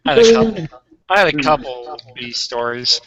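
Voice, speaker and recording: A young man animator chatting casually, swearing freely and excitable. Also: fairly high pitch, normal speed, rough recording. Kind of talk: casual chat.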